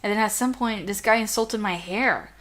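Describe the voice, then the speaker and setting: Playing a game, a young woman with a girlish, youthful voice delivers a casual, chatty rant as a gameplay commentator. She is distracted, drifts off mid-thought, and drops the odd swear word. Her mid-range, fairly bright voice moves at a moderate pace.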